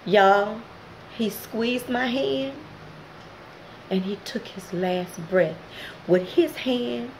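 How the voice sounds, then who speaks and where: Host, woman, middle-aged, emotional testimony, slightly high voice, faint background hiss. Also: very slow, long pauses, rough recording. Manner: emotional, direct address to viewers. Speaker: channel host. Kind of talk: personal testimony vlog.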